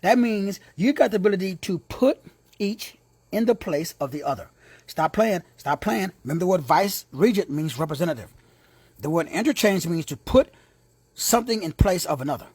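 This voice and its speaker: A male Bible teacher delivers an emphatic lesson, repeating his key words and tossing in casual street asides. His voice is husky and fairly high, with lots of movement in pitch. It is recorded close and dry, with no room sound. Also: expressive, normal speed, a little mellow, dry recording. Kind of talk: teaching sermon.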